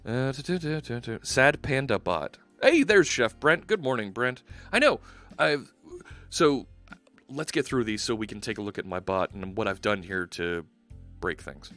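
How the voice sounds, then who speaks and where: A man's voice: on the low side, big pitch swings, a little slow, a bit bright, soft background music. A man hosting a live coding stream, chatting casually and upbeat, rambling and restarting his sentences. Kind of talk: casual livestream chat while coding.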